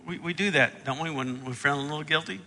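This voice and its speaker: A man preaches a sermon with a high, bright voice. He reads scripture and gives the characters' lines with dramatic jumps in pitch and loudness. The sound carries a long reverb from a large hall. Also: quick pace. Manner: acts out the Bible characters' lines with big swings in pitch and volume. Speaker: pastor.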